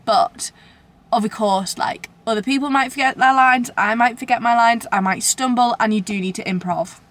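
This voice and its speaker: A woman's voice: fairly high pitch, normal speed, a bit bright. A young woman with a British accent, chatting casually to camera in a rambling, self-deprecating way. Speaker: vlogger. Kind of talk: casual vlog chat to camera.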